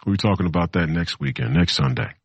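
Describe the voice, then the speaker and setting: A man's voice: low-pitched, quick pace, vocal fry, no room sound. A man in his thirties hosting a political talk show, delivering a rambling monologue that repeats itself, with mocking asides. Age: 30s.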